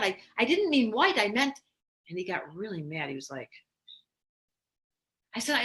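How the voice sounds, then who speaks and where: A woman astrologer giving a casual, animated spoken lesson, telling candid stories in an expressive way. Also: medium pitch, moderate pace, long pauses. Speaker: astrologer teaching.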